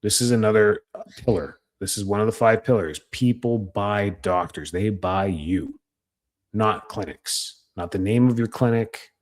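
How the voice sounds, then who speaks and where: A man giving a casual, animated talk as a marketing coach, often quoting people in a raised voice. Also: unhurried. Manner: animated, conversational, jumps in pitch when quoting patients.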